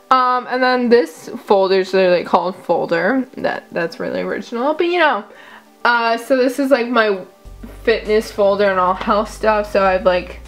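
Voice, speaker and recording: Young woman rambling thru a phone vlog, goofy, chatty, laughs at herself, mid pitch, faint music behind. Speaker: vlogger. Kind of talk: casual chat.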